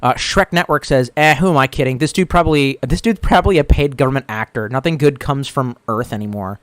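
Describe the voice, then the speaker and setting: This streamer talks briskly in a medium-pitched voice, dry recording. He goes through viewers' comments, rambles with heavy swearing, and repeats jokes using put-on voices in casual chat.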